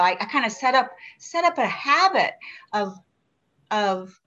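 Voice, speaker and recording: A woman's voice: a little high, expressive, measured pace, bright, forceful tone. Earnest older woman sharing her story. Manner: earnest and reflective, with frequent restarts and questions to herself. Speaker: member sharing at a recovery meeting. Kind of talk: personal recovery share. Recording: dull lo-fi recording.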